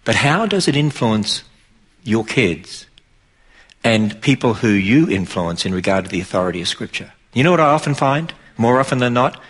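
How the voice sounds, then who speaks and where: This is a middle-aged Christian preacher with an Australian accent addressing an audience with emphatic, driving energy. He has a husky, lowish voice with a fairly bright tone, and it jumps up sharply for mocking quotations.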